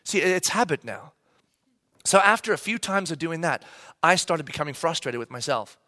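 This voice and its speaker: A man's voice: on the high side, moderate pace, no echo, studio quality. A man in his thirties preaching a sermon, telling a funny family story and acting out his kids' voices. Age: 30s. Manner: animated, acts out voices of his kids. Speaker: pastor.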